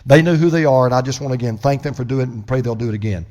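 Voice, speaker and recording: A man preaching a sermon as pastor, impassioned, swinging from loud proclamation to hushed storytelling. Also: medium pitch, very fast.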